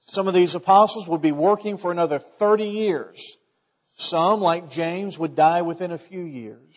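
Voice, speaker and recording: A man's voice: high voice, normal speed, highs cut off. A middle-aged man preaching a sermon in a church, folksy in tone, building emphasis and quoting scripture. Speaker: pastor.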